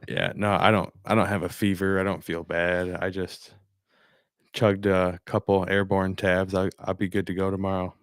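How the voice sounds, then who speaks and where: A man's voice: low-pitched, little pitch movement, normal speed, no echo, studio quality. A man co-hosting a casual podcast with easygoing short replies, losing his voice as he comes down with a cold. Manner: laid-back, brief replies. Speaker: podcast co-host. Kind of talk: casual live podcast chat.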